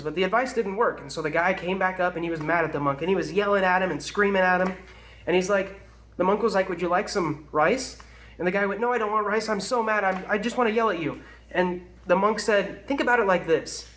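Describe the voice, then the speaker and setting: A man's voice: high-pitched, fairly bright tone, slight background noise. A young man vlogging casual self-help advice to the camera, earnest and rambling, with lots of fillers. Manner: earnest, rambling, heavy use of "like".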